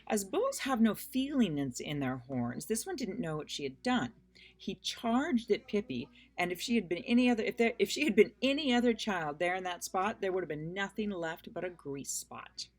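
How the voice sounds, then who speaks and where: A woman reading a children's book aloud in an unhurried, friendly storytelling manner, with casual asides. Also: on the low side. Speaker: reader.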